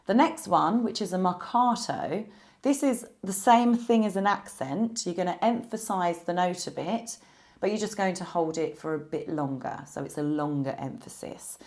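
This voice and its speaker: A woman teaching a beginner piano lesson, explaining musical symbols patiently and clearly. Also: on the low side, expressive, normal speed, darkish tone.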